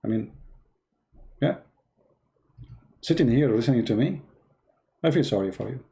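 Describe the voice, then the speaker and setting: A man's voice: mid-range voice, lively intonation, normal speed, creaky, warm tone. A man hosting a live stream, talking casually in a mocking way in broken English and telling a joke.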